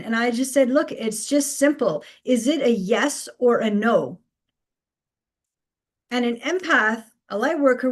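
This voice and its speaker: A woman's voice: fairly high pitch, a little mellow. A woman hosting a live spiritual guidance stream, speaking emphatically, repeating key phrases and laughing between points.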